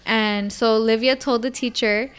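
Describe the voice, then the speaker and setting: A young woman chatting casually and telling a story in an animated way, acting out a little child's lines. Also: on the high side, moderate pace, smooth. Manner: animated storyteller, acts out her toddler's lines. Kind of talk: casual chat.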